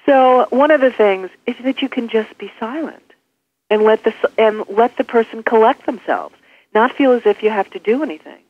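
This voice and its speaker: A woman executive coach answering interview questions, animated and acting out example phrases. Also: a little high, normal speed. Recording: tinny phone line.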